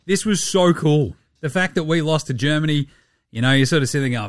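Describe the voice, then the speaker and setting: Animated, swearing Australian podcast host. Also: male voice, on the high side, brisk, no room sound, studio quality. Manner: animated, profane, rambling. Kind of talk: casual sports podcast chat.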